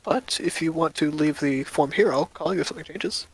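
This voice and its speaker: A man voicing a nervous young female shop employee, hurried and apologetic. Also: deep voice, crowd noise, pitched above the performer's own voice. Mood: friendly.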